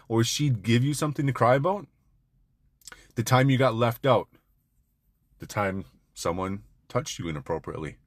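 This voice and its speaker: A man's voice: mid-range voice, dry recording, studio quality. A man giving an intense, blunt motivational monologue to other men, peppered with swearing. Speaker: men's self-help speaker.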